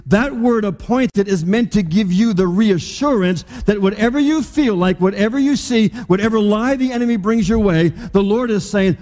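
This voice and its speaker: A man preaching a sermon as pastor, talking conversationally and slowing down to stress the scripture he quotes. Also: high-pitched, a little mellow. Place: church hall. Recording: long reverb of a large hall.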